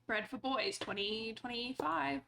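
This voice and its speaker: A woman's voice: on the high side, a little slow, gravelly, sharp tone, a little hiss or hum. A woman streamer chatting playfully through her gameplay, talking to the characters on screen and swearing casually.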